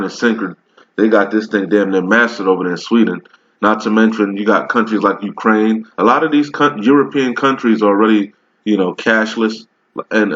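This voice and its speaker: Emphatic low-voiced man preaching casually. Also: highs cut off. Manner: emphatic, keeps asking "all right?" and "man"; rambling with many restarts while browsing. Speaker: religious video commentator. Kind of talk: casual preaching commentary over a video.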